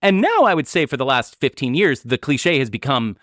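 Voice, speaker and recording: A man's voice: medium pitch, brisk, few pauses, dry recording, studio quality. A man co-hosting a podcast, talking casually and argumentatively about a film, often restarting his sentences. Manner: animated, argumentative, stammers on restarts. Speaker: podcast co-host.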